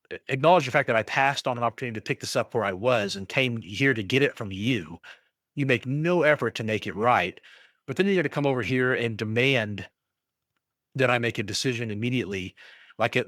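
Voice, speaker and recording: A middle-aged man telling a story in casual chat, ranting in an animated way and acting out both sides of an argument with a shop clerk. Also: medium pitch, no room sound, studio quality. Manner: frequent restarts and fillers when worked up. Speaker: podcast co-host.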